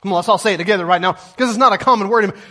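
A middle-aged man preaching a sermon as pastor, lively and calling on the congregation to answer back. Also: high voice, racing. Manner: lively, calls congregation to respond.

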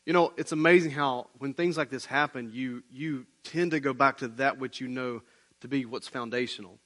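A man preaching a sermon as pastor, conversational and animated, often saying "man, listen.". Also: mid-range voice, moderate pace. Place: church building, online service.

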